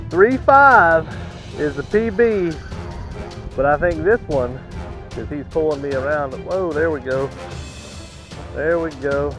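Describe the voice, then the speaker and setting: Excitable man fishing from a kayak. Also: on the high side. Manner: excitable, repeats exclamations. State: out of breath. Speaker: kayak angler. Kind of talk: excited on-the-water fishing commentary. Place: on a kayak outdoors on a lake. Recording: dull lo-fi camera audio.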